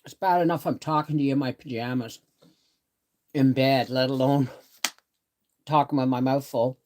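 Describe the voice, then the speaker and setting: A woman's voice: rumbling low, steady tone, normal speed, darkish tone. A middle-aged woman chatting casually on a live stream from her bed, rambling and greeting viewers by name. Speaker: homestead channel host. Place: bedroom, in bed.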